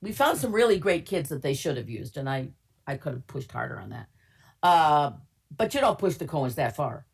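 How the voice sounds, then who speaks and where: A woman's voice: deep voice, very animated, moderate pace, gravelly, husky. An older woman from Minnesota, a casting director, tells stories from her work in a chatty, candid webinar interview, with wry humor and many fillers. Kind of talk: webinar interview, anecdotal storytelling.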